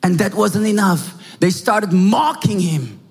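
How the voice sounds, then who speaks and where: High, slow Korean-accented preacher in a hall. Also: male voice, expressive, husky. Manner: dramatic retelling, acting out mockers with shouts. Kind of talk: sermon. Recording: reverberant hall with faint music.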